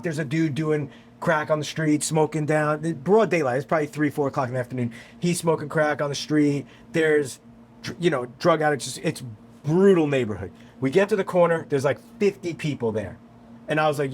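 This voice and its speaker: Animated, profane man telling a story. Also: on the high side, fairly quick, slight background noise. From New York, USA. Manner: animated, profane, acts out quotes. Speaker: guest musician. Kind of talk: casual storytelling on a podcast.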